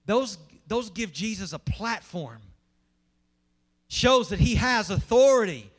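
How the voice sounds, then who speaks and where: A man's voice: high voice, lively intonation, slow. A man preaching a sermon as pastor, emphatic and asking the congregation questions.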